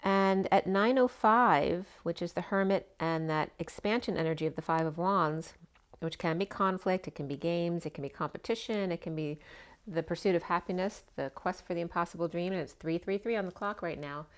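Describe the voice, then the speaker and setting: A woman giving a casual spoken tarot reading, chatty and meandering, her voice slightly hoarse. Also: lowish voice, normal speed. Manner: chatty, meandering, full of asides. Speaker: tarot reader.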